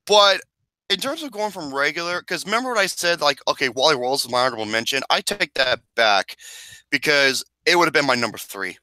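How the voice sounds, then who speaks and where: A man in casual gaming chat, animated and swearing a lot, laughing often. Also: on the high side, brisk, no echo, low-quality recording. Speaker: co-host.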